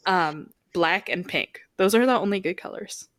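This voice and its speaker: A young woman co-hosting a casual podcast, explaining her points in a relaxed way with lots of fillers and giggles. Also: lowish voice, moderate pace, slight background noise. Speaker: podcast co-host. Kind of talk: casual chat.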